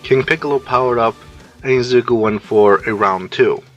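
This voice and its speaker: A man's voice: mid-range voice, moderate pace, muffled recording, faint music behind. A man narrating a fan-made story, recounting the action scene by scene.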